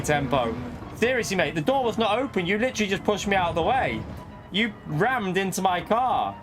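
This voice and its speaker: A man's voice: high-pitched, very animated, normal speed, over music. A man streaming a racing game, ranting indignantly at chat between frequent laughs. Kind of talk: live racing game commentary. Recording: noisy with car engine sounds.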